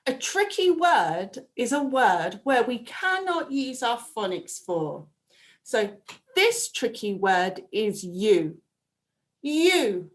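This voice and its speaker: A woman teaching a phonics lesson to young children, prompting them with slow, clear, drawn-out sounds. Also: mid-range voice. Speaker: primary school teacher.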